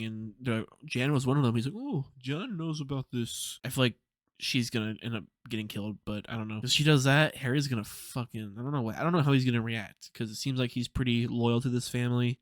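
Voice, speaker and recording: Smooth-voiced young man rambling casually. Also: mid-range voice, no room sound, studio quality. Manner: casual, rambling, swears freely, lots of "like". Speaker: TV episode reviewer. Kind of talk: casual spoiler recap.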